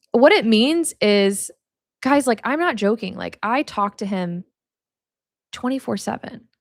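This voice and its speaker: A woman's voice: a little high, expressive, slow, long pauses, no echo, studio quality. A young woman hosting a podcast, teaching about faith in a casual, chatty way, laughing often and filling her talk with "like". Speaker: podcast host.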